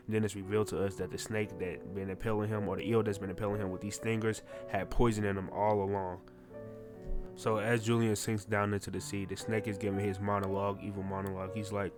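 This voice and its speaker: A man's voice: fairly low pitch, quick pace, music in the background. Slangy young man hyping up a comic. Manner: slangy, excitable, swears freely. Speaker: manga reviewer. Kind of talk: casual comic chapter recap.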